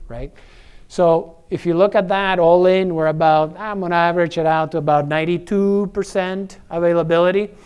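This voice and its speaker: With a clean, darkish voice on the high side, a middle-aged man gives a conference talk as an energy services executive. It comes across as conversational, dotted with fillers, tag questions and repeated words.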